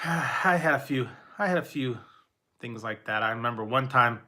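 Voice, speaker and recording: A man casually telling personal stories in a rambling, halting way, with frequent restarts and laughter. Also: medium pitch, lively intonation, sharp tone. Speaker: vlogger.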